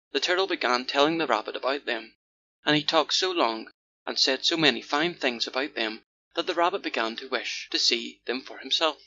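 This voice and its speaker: Bright-voiced male storybook narrator. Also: medium pitch, normal speed. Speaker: audiobook narrator. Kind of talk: children's fairy tale narration. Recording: dull lo-fi audiobook recording with faint hiss.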